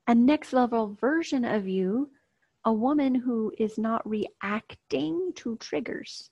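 A woman's voice: on the high side, slow, dark tone, slightly rough, no room sound. A woman coach teaching an online course lesson in a casual, upbeat way, speaking straight to her viewers. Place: outdoors, near a street. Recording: dull, slightly lo-fi dry sound.

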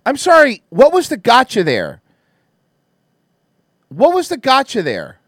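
A man doing casual reaction commentary on a video, mocking and swearing loudly, often breaking into laughter. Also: extremely high pitch, wildly swooping pitch, unhurried, no room sound, clean studio sound. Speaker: reaction streamer.

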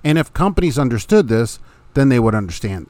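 A middle-aged man talks straight into a close mic in a dry home room, sounding blunt and opinionated. He speaks at an average pitch and keeps his delivery casual, with short laughs between his points. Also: very animated, a little fast, darkish tone, dry recording. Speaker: podcast host, truck driver.

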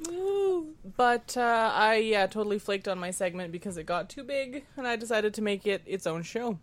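A woman's voice: mid-range voice, expressive, moderate pace. A woman hosting a casual panel chat, chatty and self-mocking, with frequent filler words. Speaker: podcast host.

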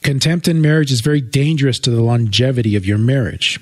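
A man's voice: medium pitch, fast talker, a little mellow, no echo. A man co-hosting a podcast, explaining earnestly in casual chat with wry jokes. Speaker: podcast co-host.

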